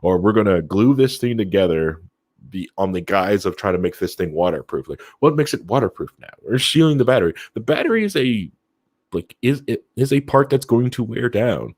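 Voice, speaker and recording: Low-voiced man in his thirties, rambling. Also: a little fast, no echo, clean studio sound. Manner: animated, filler-heavy, digressive. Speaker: podcast co-host. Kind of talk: casual podcast discussion.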